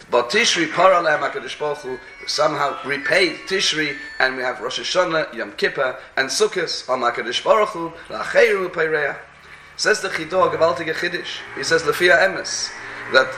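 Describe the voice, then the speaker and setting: A man's voice: a little high, sharp tone, reverberant, a little hiss or hum. A man giving a sermon as a rabbi, telling stories and often repeating words as he searches for the next phrase, with Hebrew and Yiddish terms mixed into his speech. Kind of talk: sermon with storytelling.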